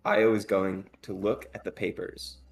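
A man's voice: on the low side, level tone, a little slow, vocal fry, a little hiss or hum. A man playing a tabletop game, thinking aloud with hesitant fillers. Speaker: player. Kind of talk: casual tabletop play.

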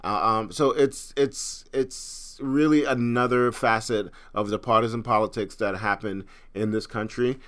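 A man's voice: on the low side, steady tone, a little slow, few pauses, a bit bright. A middle-aged man from Trinidad hosting a podcast in casual, rambling chat, with frequent restarts. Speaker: podcast host.

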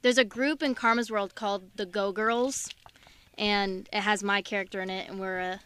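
A woman's voice: mid-range voice, fairly even intonation, moderate pace, a bit bright, smooth. A woman chatting as a guest on a radio talk show, upbeat and full of fillers. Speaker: voice actress guest. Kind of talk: casual chat.

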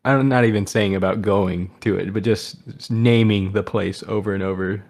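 A young man with a low, gravelly voice, chatting on a podcast. He gets excitable fast and swears freely between thoughts. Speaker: podcast co-host. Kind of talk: casual chat.

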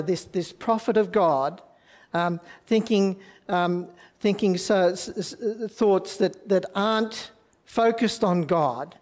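A man gives a sermon at an unhurried pace. He often stops and repeats words while he gathers his thoughts. He speaks reflectively and puts questions to his listeners. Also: high voice, a little mellow. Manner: halting, with many restarts and fillers; reflective, asks the audience questions. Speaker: preacher.

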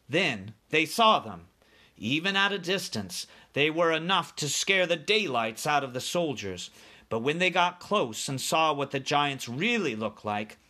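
Animated man reading a story aloud. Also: medium pitch. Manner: expressive storytelling. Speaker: narrator. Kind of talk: reading a children's novel aloud.

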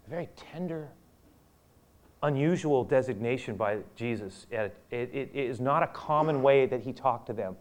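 A man preaching a sermon, acting out scripture quotes and swinging from loud urgent peaks down to a hushed near-whisper. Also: mid-range voice, moderate pace, few pauses. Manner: acts out quotes of biblical figures. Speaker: pastor.

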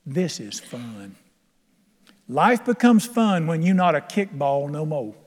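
A preacher, an older man, holds the pulpit with a high, bright-toned voice. His delivery is folksy and emphatic, and he laughs along with his own stories. The sound rings with the long reverb of a church sanctuary. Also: lively intonation, slow pace. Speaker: pastor. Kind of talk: sermon.

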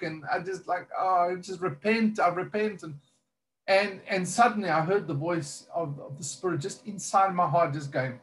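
A man's voice: high-pitched, normal speed, fairly bright tone. A man who is a minister, earnestly telling a personal testimony in conversation, rambling with many fillers and restarts.

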